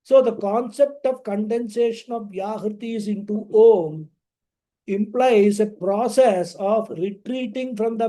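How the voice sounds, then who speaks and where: A male scripture teacher with a fairly high, very mellow voice. He explains in a slow, measured way, pausing between phrases and chanting Sanskrit verses now and then. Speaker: spiritual teacher. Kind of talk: scripture lecture.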